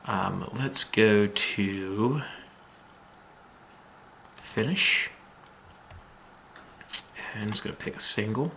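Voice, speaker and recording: Male instructor, lowish gravelly voice, unhurried step-by-step CAD walkthrough, faint hiss and keyboard clicks behind. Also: pushed and bright. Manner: slow, methodical, thinking aloud with many ums. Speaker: machining instructor. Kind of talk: screen-recorded software tutorial.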